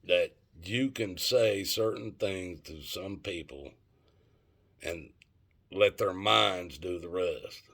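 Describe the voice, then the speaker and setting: A man's voice: deep voice, slow, a bit bright. A middle-aged man telling a story and ranting to his viewers in a rambling, profane, casual way. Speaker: vlogger.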